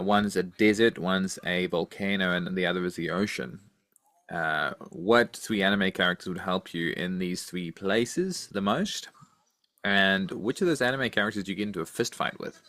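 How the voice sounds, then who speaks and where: A man co-hosting a podcast, asking playful questions in an unhurried way and laughing easily. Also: sits low, fairly bright tone, no echo. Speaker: podcast co-host. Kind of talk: casual chat, asking questions.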